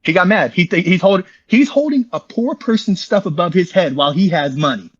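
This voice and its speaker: This interview guest is a man with a high, expressive voice, heard on dull audio over a call. He rambles through a long story quickly, repeating himself in slangy casual speech and dropping "bro" a lot.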